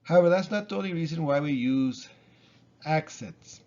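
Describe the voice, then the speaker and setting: A man's voice: fairly high pitch, normal speed, muffled recording. A man teaching Spanish pronunciation in a casual spoken lesson, explaining patiently and repeating examples. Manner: relaxed, explains with fillers and repetition.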